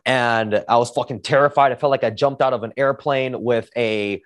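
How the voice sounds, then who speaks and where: A man's voice: medium pitch, moderate pace, no echo. Fired-up man telling a story. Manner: energetic, profane, heavy use of "like". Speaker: podcast host. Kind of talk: casual storytelling monologue.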